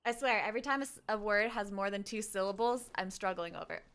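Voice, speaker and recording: A woman streams a game, chatting casually with her viewers and talking to herself as she plays. Her medium-pitched voice is quick, a bit bright, clear and resonant, and she hums tunes and quotes lines from the game.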